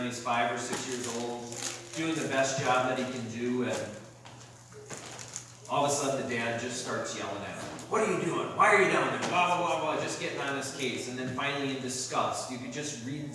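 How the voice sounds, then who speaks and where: A man's voice: medium pitch, recorded from a distance. A young adult man preaching a sermon as a pastor, earnest and conversational, telling personal stories. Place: church sanctuary. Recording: echoey church hall mic from afar with noise.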